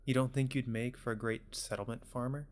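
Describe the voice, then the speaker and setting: A man voicing a gentle, tired father speaking softly and tenderly to his daughter. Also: medium pitch, steady tone, a little fast, lightly acted. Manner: soft, quiet, tender.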